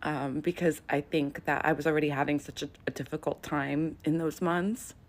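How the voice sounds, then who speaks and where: A woman vlogging casually at home into a handheld phone, drawling with vocal fry and filling her talk with "like" and "um". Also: deep voice, fairly even intonation, moderate pace. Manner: drawling, peppered with "like" and "um". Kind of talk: casual confessional vlog talk.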